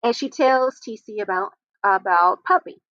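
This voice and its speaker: A woman's voice: mid-range voice, moderate pace, a bit bright, no echo. A woman hosting a casual recap chat, retelling scenes and adding blunt, opinionated asides. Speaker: host of a reality TV recap show. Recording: dull, lo-fi audio.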